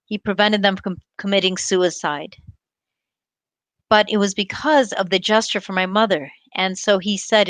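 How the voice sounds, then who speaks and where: Earnest woman host telling a personal story, middle pitch, dry close sound. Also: steady tone, normal speed, a bit bright, dry recording. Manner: earnest and heartfelt, retells quoted dialogue. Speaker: show host and doctor.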